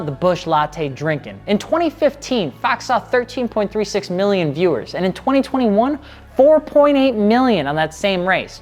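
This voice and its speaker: A woman hosting a scripted commentary video, speaking casually with sarcastic jokes and side remarks. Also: a little high. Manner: sarcastic, joking asides. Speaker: video essayist.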